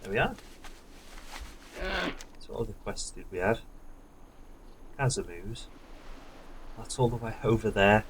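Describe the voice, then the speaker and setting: A man giving casual let's-play commentary, muttering quietly to himself as he plays. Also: fairly low pitch, unhurried, pauses often, background noise. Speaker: gamer. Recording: voice over loud game music. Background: game music.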